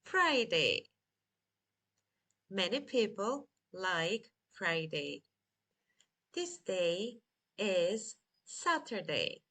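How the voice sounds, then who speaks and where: A woman teaching a scripted beginner lesson, drilling words slowly and spelling them letter by letter. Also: medium pitch, a bit bright. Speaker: English teacher.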